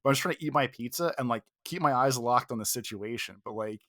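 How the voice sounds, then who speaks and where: A man in casual podcast chat who tells a story with animated, profanity-laced energy and acts out the quotes. His mid-range voice is close to the mic and dry, with no room sound. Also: medium pitch, fast talker, no echo. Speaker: podcast co-host.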